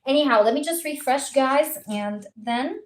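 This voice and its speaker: High-voiced woman chatting on a live stream. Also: measured pace. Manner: rambling, emotional, full of fillers and restarts. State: teary, tearing up. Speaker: tarot reader on a livestream. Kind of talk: live-stream chat with viewers.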